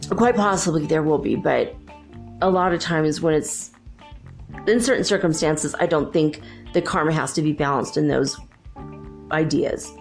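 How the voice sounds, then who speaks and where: Woman, podcast host, rambling chatty spiritual talk, lower voice. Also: normal speed, faint music behind. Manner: rambling, chatty, full of "you know" and "like".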